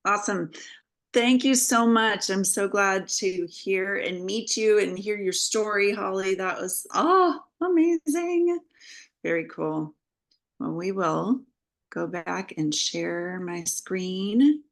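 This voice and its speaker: A woman hosting an online presentation in a relaxed, slightly halting way. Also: mid-range voice. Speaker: host.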